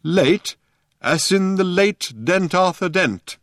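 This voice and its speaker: Guy reading an audiobook doing a slow sad old alien man, higher than his normal voice, very dry sound. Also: expressive, no echo, close to an everyday voice. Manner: slow, grave, wistful. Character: weary, gentle old male alien planet-builder.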